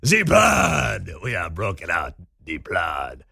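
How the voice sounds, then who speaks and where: A man putting on an exaggerated mock impression of a woman politician's accent, loud and over the top. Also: sits low, wildly swooping pitch, takes it slowly, gravelly, breathy edge, no echo, studio quality, pitched below the performer's own voice, exaggerated voice.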